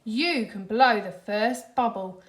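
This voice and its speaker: A woman voicing an excitable male cartoon sea sponge in a storybook reading, high and eager. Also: slow pace.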